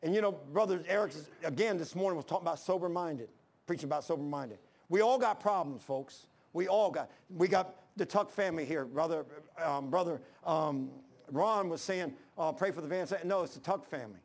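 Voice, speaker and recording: A man's voice: on the high side, brisk. A man, preaching a sermon as pastor in an impassioned, folksy storytelling way.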